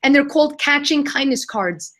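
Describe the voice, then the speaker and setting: A young adult woman answering questions in a live Q&A, telling an animated story and acting out the voices of the people in it. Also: high-pitched, normal speed. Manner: animated, acts out quoted voices. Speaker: guest, kindness nonprofit founder.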